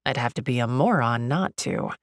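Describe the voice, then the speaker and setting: Woman reading a romcom audiobook in first person, low creaky voice, chatty and expressive, dry close mic. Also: normal speed, no room sound. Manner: expressive, chatty, lively inner monologue. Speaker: audiobook narrator.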